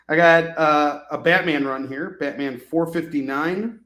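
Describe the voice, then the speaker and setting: A man's voice: a little high, a little slow, hardly any pauses, sharp tone. A man hosting a live comic-book sale, chatting casually with viewers in a joking, sarcastic way. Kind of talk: casual live selling chat. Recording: echoey room.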